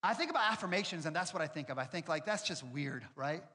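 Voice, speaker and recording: A man's voice: a little high, lively intonation, fast, sharp tone, husky. A male pastor preaching a sermon in a conversational, storytelling way with self-deprecating humor. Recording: long reverb with faint music behind.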